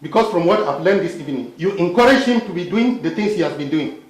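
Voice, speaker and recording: A man's voice: a little high, lively intonation, fast, lightly acted. An actor playing a stern husband who blames his wife and dismisses her with scorn. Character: stern blaming middle-aged husband. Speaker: husband and father. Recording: roomy echo.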